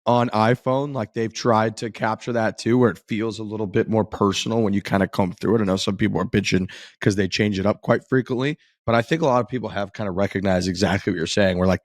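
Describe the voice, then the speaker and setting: A laid-back man hosting a podcast, rambling a little with a wry edge. His voice sits on the low side. The recording is dry and close. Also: steady tone, a little fast, dry recording. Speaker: podcast host. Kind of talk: casual chat and show intro.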